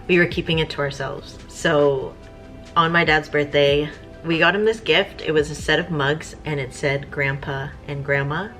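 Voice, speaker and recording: A woman, chatting casually and rambling as a vlogger, with soft music behind. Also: sits low. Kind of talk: casual chat.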